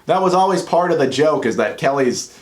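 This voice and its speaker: A man talking casually to camera about comedy sketches he loves, earnest and rambling, going soft and quiet in emotional moments. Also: on the high side, lively intonation, fairly quick. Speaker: YouTuber. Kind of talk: casual commentary vlog.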